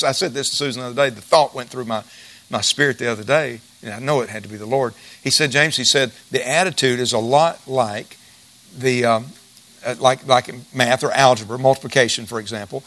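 A man's voice: medium pitch, fairly bright tone. A middle-aged male pastor preaching a sermon in a folksy, emphatic way, repeating key phrases.

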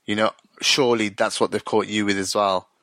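A man's voice: fairly low pitch, flat delivery, brisk, fairly bright tone, no echo. A man casually retelling a TV episode, full of restarts and acted-out dialogue. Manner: rambling retelling with frequent restarts and quoted dialogue. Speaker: co-host recapping a TV episode. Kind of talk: casual chat.

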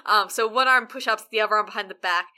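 A woman's voice: medium pitch, fast talker, bright, forceful tone. A woman, casually recapping a show, animatedly quoting characters and swearing freely.

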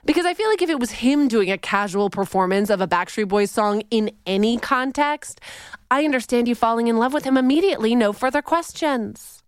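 A Canadian-born woman hosting a podcast, talking in an animated, playful, theatrical way. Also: on the high side, a little fast, clear, resonant tone, no room sound, clean studio sound. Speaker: podcast host. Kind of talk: casual podcast chat.

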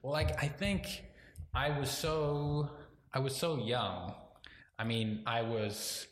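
A South African man in his twenties, chatting casually as a podcast guest, rambling with lots of fillers and quick laughs. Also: mid-range voice. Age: 20s. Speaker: comedian guest. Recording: echoey room, faint background noise.

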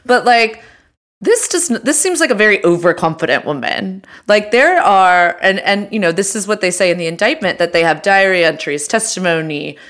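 A woman co-hosts a podcast, chatting casually with plenty of fillers and restarts. Her voice is medium-pitched, animated, and fairly bright, at a normal speed.

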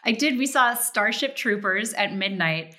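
A woman guest chatting in an interview, telling stories in a lively, animated way and acting out quotes. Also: mid-range voice, measured pace. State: tearful. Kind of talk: casual interview chat.

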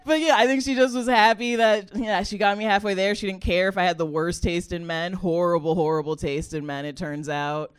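A young adult woman comedian telling a personal story in a chatty, animated way, laughing often and using a lot of "like" fillers. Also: fairly low pitch, a little fast, hardly any pauses, clean tone.

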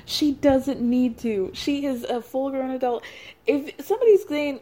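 A woman hosting a podcast who recaps events in a gossipy, animated way and laughs often. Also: sits high, unhurried. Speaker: podcast host. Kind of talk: casual recap monologue.

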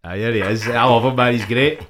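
A man's voice: mid-range voice, a bit bright. A Scottish man giving casual movie commentary on a podcast, laughing often and swearing freely. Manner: laughing, profane, enthusiastic. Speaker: podcast co-host.

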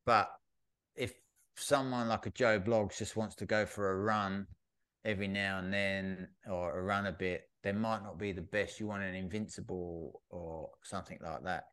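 A man co-hosting a podcast, telling a lively story in casual chat. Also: moderate pace, clean tone. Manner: animated storyteller, mimics shop staff with raised pitch. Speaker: podcast co-host.

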